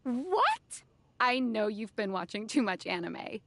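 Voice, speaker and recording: A woman's voice: a little high, sing-song, slow pace, a bit bright, dry recording, studio quality, full character voice. An actress voicing a chatty, teasing young woman friend in a video game, hungry for gossip and incredulous at what she hears.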